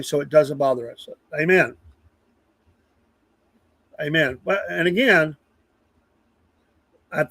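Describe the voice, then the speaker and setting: This livestream news host is a man whose voice sits on the high side, recorded without echo. Talking casually, he rambles in earnest and calls out viewers from the chat by name.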